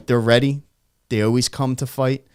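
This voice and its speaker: Passionate male co-host, smooth voice. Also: medium pitch, little pitch movement, moderate pace. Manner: passionate, emphatic, swears when riled. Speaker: podcast co-host. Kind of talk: casual studio chat. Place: studio.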